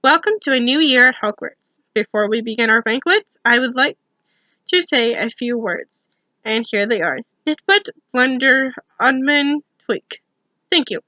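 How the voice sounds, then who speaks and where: A woman's voice: a little high, animated, a little slow, no echo, lo-fi sound. A woman voicing an odd, beaming old male headmaster wizard giving a welcoming address in an ASMR storybook reading.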